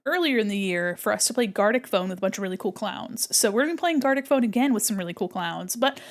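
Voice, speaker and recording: An American woman who streams and illustrates chats bubbly and casually with her viewers while drawing live. Her mid-range voice has lively intonation and a quick pace.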